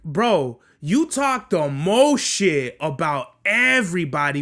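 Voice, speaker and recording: A young podcast host tells a workplace story as a profane, animated rant, his slang rolling out in a bright, sharp-edged voice pitched a little above most men. His delivery stays loose and conversational, full of street talk.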